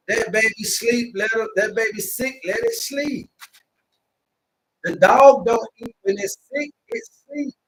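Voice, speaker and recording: A man with a high voice lectures his live-stream audience, preachy and repetitive, slowing right down to hammer his points home. He sits a little back from the mic, and faint noise hums underneath. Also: a bit bright, far from the mic, rough recording. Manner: preachy and repetitive, drawing out words slowly for emphasis. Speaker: herbalist host of a live stream.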